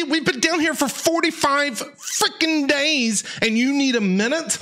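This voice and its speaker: A man streaming a game, reacting with loud, exasperated, incredulous commentary. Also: very high-pitched, a little slow. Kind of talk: excited gameplay commentary.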